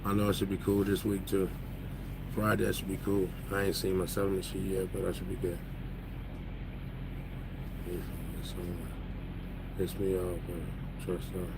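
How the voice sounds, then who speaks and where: A man's voice: sits low, flat delivery, normal speed, long pauses, background noise. A man who drives trucks, telling stories in loose casual chat, joking and laughing as he talks. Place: truck cab.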